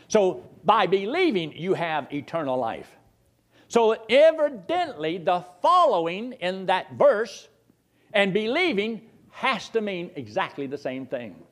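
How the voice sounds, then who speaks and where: A man preaching a sermon, reading scripture aloud and asking his listeners questions, with sudden rises and drops for emphasis. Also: high voice.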